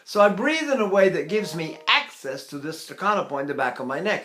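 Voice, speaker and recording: A man's voice: a little high, lively intonation, a little fast, few pauses, a bit bright. An older man teaching voice with enthusiasm, breaking into sung vowel staccatos and breath demonstrations. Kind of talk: vocal lesson with sung demonstrations.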